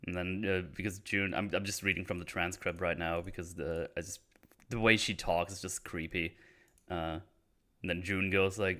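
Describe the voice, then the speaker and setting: A man's voice: sits low, fairly even intonation, normal speed, bright, forceful tone. A man casually discussing a horror movie with friends, full of fillers and retold scenes. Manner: hesitant, many fillers, retells scenes. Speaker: podcast host.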